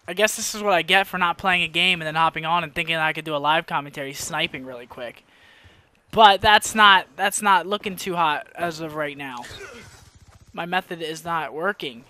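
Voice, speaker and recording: A young man narrates his own gameplay live into a headset mic, his voice high and very bright. He drifts between quiet mumbling and sudden frustrated outbursts. Gunshots from the game sound behind him. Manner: excitable, swings from mumbling to frustrated yelling. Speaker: gaming commentator. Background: gunfire from the game.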